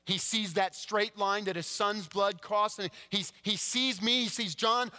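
Male pastor preaching, kinda high voice, slow and dramatic, goes quiet then loud, big reverby church sound. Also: fairly even intonation. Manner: dramatic swings between hushed and emphatic delivery. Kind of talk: sermon. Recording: long church-hall reverb.

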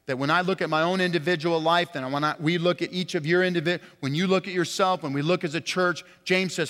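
A man preaching a sermon as pastor, impassioned, swinging from loud emphatic peaks to quiet, low, stressed words. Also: steady tone, fairly quick. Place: church sanctuary. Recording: long hall reverb.

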